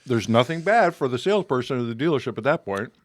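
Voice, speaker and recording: A man's voice: medium pitch, very animated, quick pace, dry recording. A man co-hosting a casual podcast conversation, talking things through and reading out listener questions. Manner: conversational, reads listener questions, acts out sales dialogue. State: talking with food in his mouth. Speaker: podcast co-host.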